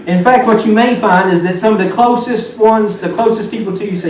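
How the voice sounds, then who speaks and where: A man preaching a sermon as a student pastor, telling the story with lively, playful asides. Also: high-pitched, brisk, hardly any pauses, a little hiss or hum. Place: church sanctuary. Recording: echoey room from far off.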